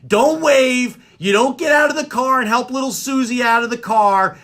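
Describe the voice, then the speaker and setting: A man hosting a live radio comedy show, ranting in an exasperated, animated way about everyday annoyances. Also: very high voice, normal speed. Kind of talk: comedic rant. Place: radio studio.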